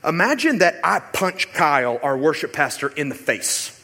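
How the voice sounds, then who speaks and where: A man preaching a sermon as pastor in a church, animated and rhetorical, sometimes acting out other voices. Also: on the high side, moderate pace, breathy edge. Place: church sanctuary. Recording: long hall reverb.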